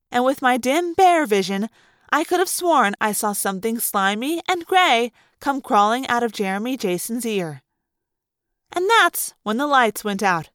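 Woman reading an audiobook, lively up-and-down voice, a bit high, dry close mic. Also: measured pace, clean tone, no room sound. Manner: animated, dramatic reading. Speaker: audiobook reader. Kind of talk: first-person audiobook narration.

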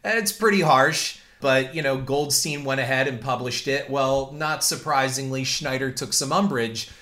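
A man hosting a show, telling a story in animated commentary and often repeating words as he talks. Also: mid-range voice, normal speed. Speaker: podcast host.

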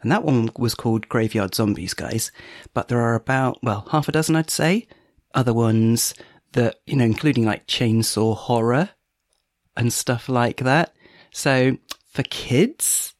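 A man's voice: medium pitch, unhurried, no room sound, studio quality. A man hosting a podcast in casual chat, laughing often and filling gaps with ums. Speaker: podcast host.

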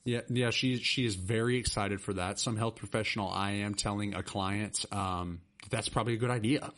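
A middle-aged man hosting a casual podcast chat, rambling and excitable. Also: fairly low pitch, brisk. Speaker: podcast host.

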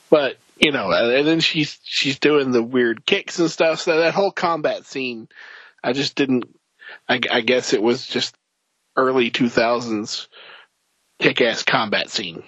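A man riffing on a film in casual podcast chat, stumbling over repeated words and jumping into mocking voices. His voice has a husky edge, and the recording sounds dull and lo-fi in a dry room. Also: mid-range voice, a little slow, dry recording. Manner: stammering, animated, mocking. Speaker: podcast co-host. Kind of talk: casual movie review chat.

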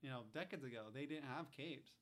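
A man's voice: medium pitch, a little fast. A man in a casual chat about a film, chiming in with short agreements and questions.

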